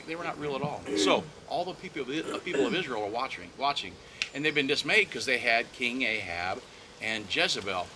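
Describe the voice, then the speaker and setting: A man's voice: mid-range voice, noisy background. A man telling a Bible story with animation, acting out what the characters say, outdoors at the site of the story. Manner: acts out the quoted speakers, with frequent restarts.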